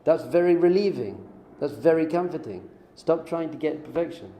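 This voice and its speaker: A middle-aged man, a rabbi teaching an informal Torah class, lively and joking, acting out little dialogues. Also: a little high, normal speed. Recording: echoey room with faint noise.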